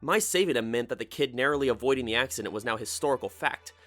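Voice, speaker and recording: A man narrating a light novel audiobook in a dry, sardonic, measured way. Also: mid-range voice, a bit bright, soft background music.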